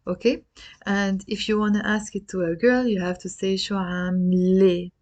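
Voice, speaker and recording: A woman's voice: medium pitch, moderate pace, darkish tone, highs cut off. A woman from Lebanon with a Lebanese accent, a language teacher explaining phrases in a chatty way with asides. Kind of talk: casual explanatory lesson.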